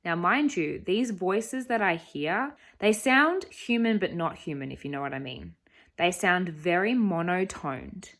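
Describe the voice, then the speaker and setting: A woman's voice: fairly low pitch, animated, a little slow, a bit bright. A young woman telling a personal story in earnest, emphatic vlog voice-over. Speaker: travel vlogger.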